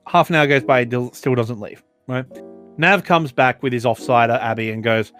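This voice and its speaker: A young Australian man, a podcast co-host, telling work stories casually, animated and swearing, full of fillers. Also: medium pitch, moderate pace, soft background music. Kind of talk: casual storytelling.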